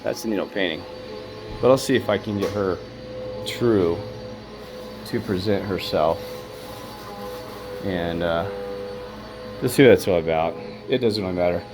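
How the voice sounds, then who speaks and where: Over music, a man's low, unhurried voice carries long pauses as he explores an old hotel. A paranormal vlogger, he muses aloud in rambling commentary while walking and at times firmly commands a spirit to respond.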